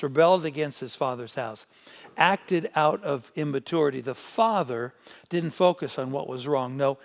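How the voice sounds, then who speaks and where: Pastor, male, preaching a conversational sermon; gravelly tone, emphatic delivery. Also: fairly high pitch, in a large hall. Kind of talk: midweek sermon with scripture reading.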